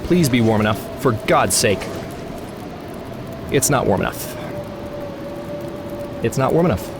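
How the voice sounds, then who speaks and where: A man's voice: mid-range voice, lively intonation, unhurried. Rambling man narrating his gameplay. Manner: rambling, talks to the game, exasperated asides. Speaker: let's play host. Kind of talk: gaming commentary. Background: game music.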